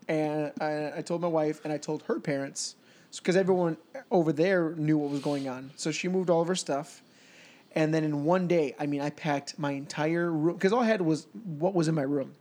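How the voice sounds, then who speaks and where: A young adult man hosting a casual podcast, telling an animated story and laughing often. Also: a little high, normal speed. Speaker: podcast host.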